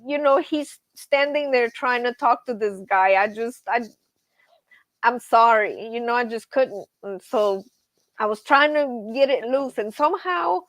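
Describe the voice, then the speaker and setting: A woman hosting a casual live stream, telling stories in an animated way and laughing often. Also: on the high side, unhurried, dry recording. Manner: animated storyteller, says y'all, laughs often. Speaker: livestream host.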